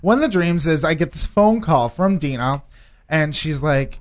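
A man's voice: a little high, moderate pace. A man co-hosting a talk radio show, telling stories in casual banter and laughing often. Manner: animated storyteller, laughs often. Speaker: radio co-host.

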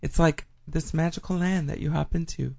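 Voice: medium pitch, fairly even intonation, normal speed, creaky, a loud crowd. A radio-show host chatting casually, with a campy, joking manner.

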